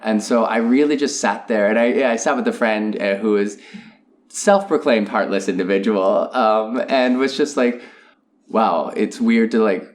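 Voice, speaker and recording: A young man with a somewhat low voice co-hosts a casual podcast. He is earnest and enthusiastic. He often pauses with "um" and "you know" as he works through his thoughts. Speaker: podcast co-host.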